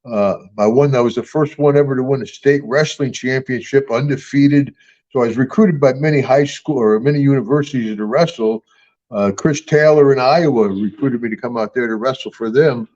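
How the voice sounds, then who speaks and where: A man's voice: mid-range voice, moderate pace. An older man, a retired wrestler, telling stories in an interview, acting out the other voices and laughing often. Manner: animated storyteller, acts out voices, laughs often. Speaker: guest, retired pro wrestler. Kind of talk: storytelling interview. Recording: dull lo-fi sound.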